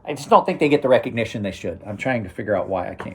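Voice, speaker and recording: Heavy background noise surrounds this middle-aged knife review host as he talks rapid-fire, with few pauses, in a lowish, animated voice. Chatting casually on a live stream, he rambles, restarts sentences often, and chuckles to himself.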